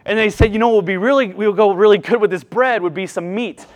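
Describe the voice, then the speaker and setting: Man, middle-aged, pastor, earnest sermon, high-pitched, loud-to-hushed swings. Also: fast talker, lo-fi sound. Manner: earnest, acts out quoted voices, dynamic swings from loud to hushed.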